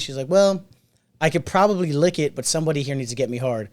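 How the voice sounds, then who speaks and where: Animated man telling a story. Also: fairly high pitch, fast talker. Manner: animated, acts out quotes in other voices. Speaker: podcast co-host. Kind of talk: casual storytelling chat.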